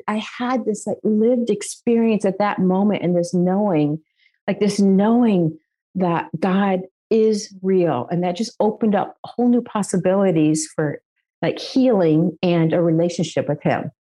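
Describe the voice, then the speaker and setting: A woman's voice: medium pitch, unhurried, mellow. A middle-aged woman from the United States, a guest giving an emotional personal faith testimony, earnest and laughing at times.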